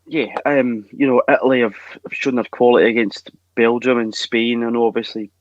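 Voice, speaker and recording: A man co-hosting a casual football podcast, calm and unworried in his talk. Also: medium pitch, normal speed, dry recording, muffled recording. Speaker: podcast co-host.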